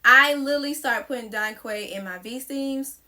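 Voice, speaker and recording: A woman's voice: high-pitched, normal speed, bright, forceful tone. A young woman giving chatty, playful wellness advice in a sassy, familiar way, calling the listener girl and sis. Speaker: wellness vlogger. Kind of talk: casual chatty advice vlog.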